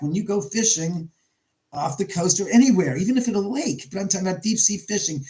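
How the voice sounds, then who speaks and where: Middle-aged male livestream host, slightly high voice, rambling and chatty, streaming from home. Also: a little mellow, poor audio. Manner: rambling storyteller, reads chat aloud. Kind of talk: casual livestream chat. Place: his house, indoors.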